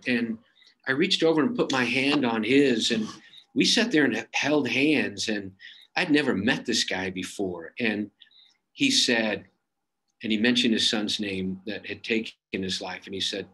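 A man's voice: lowish voice, measured pace, bright, forceful tone, rough recording. A man answering audience questions in a webinar, speaking earnestly, with frequent fillers and restarts. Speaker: suicide prevention expert answering audience questions. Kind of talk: webinar Q&A, conversational.

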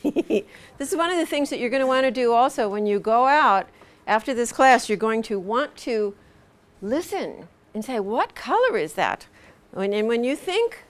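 A middle-aged woman with a fairly high, animated voice speaks a little slowly as she instructs a class on pronunciation. Before a room of students, she patiently demonstrates each sound and says it again.

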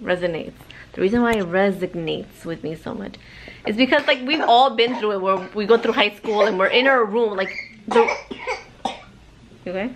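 A woman's voice: medium pitch, moderate pace, pauses often, noisy background. A young adult woman vlogging at home, talking casually and reflectively, rambling with many "like"s. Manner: rambling, heavy use of "like". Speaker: vlogger and mother.

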